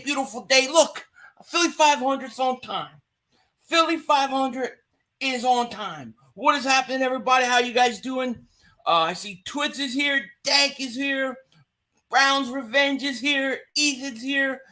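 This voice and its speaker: Casual stream host, male, higher register, bright edge, chatty and greeting the chat. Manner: chatty, greets viewers by name. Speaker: livestream host. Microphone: home streaming mic.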